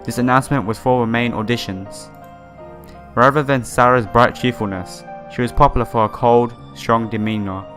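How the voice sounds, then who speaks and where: An earnest, lonely young idol hopeful speaks her inner thoughts in a steady, unforced tone, as a male gamer reads her lines in his own voice. Soft game music plays faintly behind. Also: mid-range voice, normal speed, close to an everyday voice. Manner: plain read-aloud delivery in his own voice.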